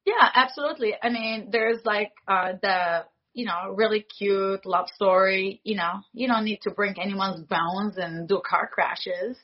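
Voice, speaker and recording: A woman in her forties, a foley artist, telling stories in an animated way and acting out the dialogue she quotes. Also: medium pitch, a little slow, few pauses, highs cut off. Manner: animated, acts out quoted dialogue, laughs often. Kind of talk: casual interview storytelling.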